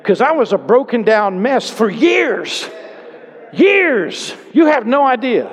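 With an extremely high-pitched voice, very animated yet taking it slowly, a married pastor preaches a sermon in his church sanctuary, where long hall reverb lingers. He talks conversationally, calling to the congregation again and again, before rising into loud, impassioned exhortation.

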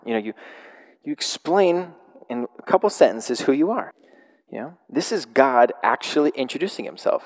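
A man's voice: lowish voice, moderate pace. Man preaching in a reverberant hall. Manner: casual, animated storytelling with laughs. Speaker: pastor. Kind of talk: sermon.

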